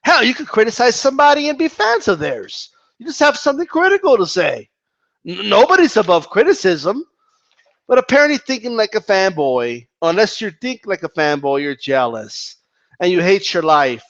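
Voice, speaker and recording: Animated man ranting about boxing fans. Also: high-pitched, normal speed, highs cut off. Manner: animated, profane, rambling with restarts. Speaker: boxing commentator. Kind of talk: casual vlog commentary.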